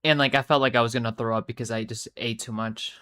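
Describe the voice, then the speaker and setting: A young streamer, worn out and chatting casually to a live audience. The talk rambles, swears freely and keeps breaking off mid-sentence to start again, at a middling pitch. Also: steady tone, fast talker, a bit bright. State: tired. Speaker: live streamer reading chat.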